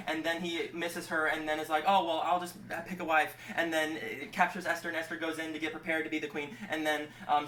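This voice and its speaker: A man rushing through a comic retelling of an old story, rambling and correcting himself, with many fillers. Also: on the high side, pushed and bright, far from the mic, a little hiss or hum. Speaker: channel host. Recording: roomy, from off-mic.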